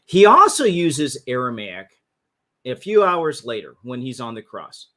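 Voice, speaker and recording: A man's voice: medium pitch, sing-song, measured pace, sharp tone. Man teaching on a casual livestream. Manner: casual, restarts phrases, talks through slides. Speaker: host. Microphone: livestream mic.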